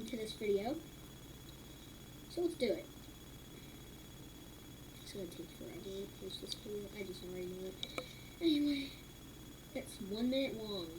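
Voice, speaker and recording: A woman hosting a casual reaction video, mocking what she watches, repeating herself and filling pauses with lots of ums. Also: fairly high pitch. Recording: loud background noise.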